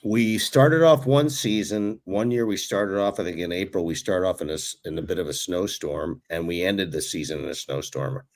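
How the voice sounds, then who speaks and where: Low-voiced man telling baseball stories. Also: normal speed, hardly any pauses. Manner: animated storyteller who chuckles while recalling. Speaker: podcast co-host, former pro ballplayer. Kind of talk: casual sports chat.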